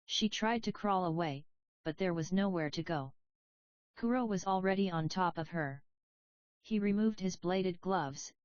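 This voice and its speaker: A woman narrating a story audiobook in an even, measured reading voice. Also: lowish voice, no echo. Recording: dry, slightly dull audio.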